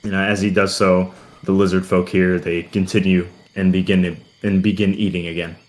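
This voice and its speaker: A man's voice: sits low, level tone, fairly quick. A man narrating as game master, rambling and full of fillers. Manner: rambling, heavy on "kinda" and "uh".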